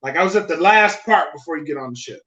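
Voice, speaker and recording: A young man co-hosting a podcast, telling a story in an animated, profane, laughing way. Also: a little high, fast, reverberant. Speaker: podcast co-host. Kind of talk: casual chat, storytelling. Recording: slightly dull lo-fi podcast audio.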